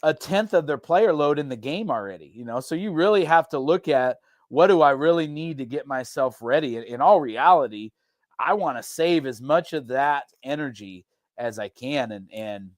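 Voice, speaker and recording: Casual rambling coach, dry sound. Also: male voice, mid-range voice, moderate pace, no room sound. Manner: relaxed, rambling, frequent restarts and fillers. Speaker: head football coach, guest. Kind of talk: casual podcast conversation.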